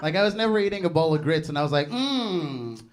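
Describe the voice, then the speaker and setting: Give me a young male stand-up comic with a relaxed, conversational delivery. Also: on the high side, rapid-fire. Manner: conversational, laughs at his own jokes. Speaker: stand-up comedian. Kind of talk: stand-up set.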